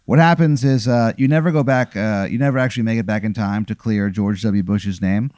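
A man's voice: lowish voice, a little fast, a little mellow, dry recording, clean studio sound. A man telling an improvised comic story, rambling with plenty of fillers. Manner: rambling, filler-heavy, playful.

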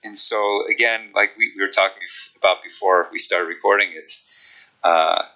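A sprint coach with a Chicago accent, explaining training in a relaxed podcast interview, with many ums. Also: male voice, sits low, moderate pace, muffled recording.

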